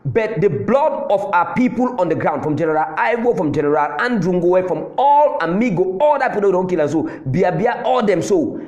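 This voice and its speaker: A man's voice: sits high, animated, normal speed, hardly any pauses, a little mellow, reverberant, lo-fi sound. A man from Southern Cameroon with a Cameroonian Pidgin English accent, giving a fiery political address and hammering his points home with repetition. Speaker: political commentator.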